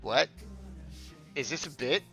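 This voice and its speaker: A man streaming casually, chatty and quick to laugh, swearing freely and stumbling as he reads news and chat aloud. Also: a little high, lively intonation, creaky, pushed and bright, soft background music.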